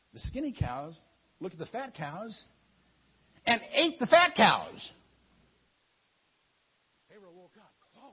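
A man telling a Bible story in an animated way, often repeating words as he goes. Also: a little high, husky. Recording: dull lo-fi recording.

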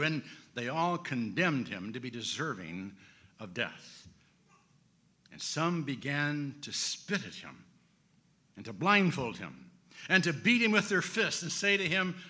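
A man preaching a sermon in an expressive, emphatic way with dramatic drops in his voice. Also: mid-range voice, slow pace.

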